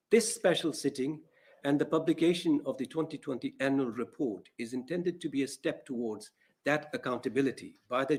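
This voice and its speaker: A man, a judge giving a measured, formal address in a courtroom. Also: medium pitch, a little mellow, husky. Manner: measured, formal, reads from prepared remarks.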